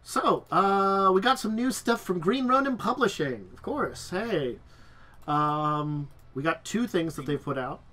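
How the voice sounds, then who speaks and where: Male host, casual chat, congested nose, brightish, halting delivery with fillers. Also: fairly high pitch, animated. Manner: halting, many restarts and ums. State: stuffed up nose. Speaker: podcast host. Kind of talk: casual chat about tabletop games.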